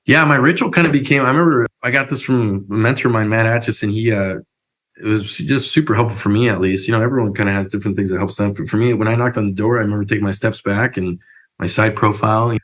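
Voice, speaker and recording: A young man telling stories as a podcast guest, upbeat and animated, acting out little quotes. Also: lowish voice, low-quality recording. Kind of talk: casual interview storytelling.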